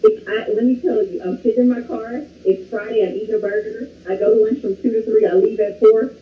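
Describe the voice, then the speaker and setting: A woman's voice: fairly high pitch, steady tone, brisk, a little hiss or hum. Effusive woman caller over distant phone. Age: 30s. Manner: effusive and emotional. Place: parked car. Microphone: phone call. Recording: distant roomy dull phone audio.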